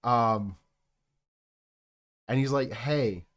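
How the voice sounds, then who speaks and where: A young man with a lowish voice, rambling and swearing his way through a story. He talks to his live-stream chat in a loose, unscripted way, doubling back and restarting as he goes. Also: expressive, unhurried.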